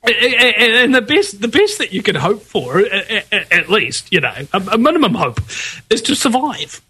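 A man's voice: high-pitched, big pitch swings, normal speed, pushed and bright, slightly rough. A man hosting a radio talk show, ranting emphatically and laughing often.

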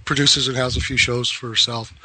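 A man's voice: mid-range voice, flat delivery, a little fast, bright, forceful tone, a little hiss or hum, poor audio. A man hosting a casual talk radio show, telling rambling stories and laughing often.

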